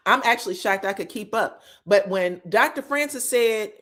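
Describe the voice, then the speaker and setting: A woman recaps a reality show as casual gossip. She is animated, acts out the cast's lines as she retells them, and swears freely. Her pitch swings widely as she speaks. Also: normal speed, hardly any pauses. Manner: animated, quotes cast members in retellings, profane.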